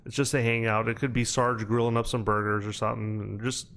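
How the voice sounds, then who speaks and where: A man's voice: on the low side, little pitch movement, fast talker, vocal fry, crowd noise. Male podcast host, casual storyteller, loose and rambling. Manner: rambling storytelling with many fillers. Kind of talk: casual chat.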